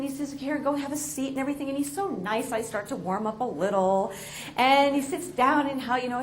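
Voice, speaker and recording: A woman tells a story to an audience in an animated, expressive, self-mocking way. Her voice sits a little high, and faint ambient noise sits behind her. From New York. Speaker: motivational speaker.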